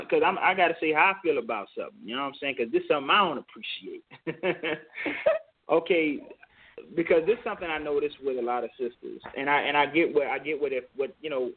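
Emphatic man on a tinny line. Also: a little high. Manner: emphatic, repeats phrases, says "you know what I'm saying". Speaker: co-host. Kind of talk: opinionated call-in talk show discussion. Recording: tinny phone-line sound.

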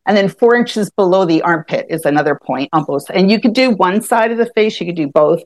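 A woman appearing as a guest, an EFT tapping practitioner, explains her self-help tapping method in casual talk. She's animated, laughs easily and often restarts sentences, with a lowish voice and no room sound.

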